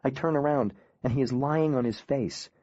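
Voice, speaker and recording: A man reading a first-person audiobook in a quiet, grave, measured way. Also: medium pitch, no room sound, muffled recording. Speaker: audiobook narrator.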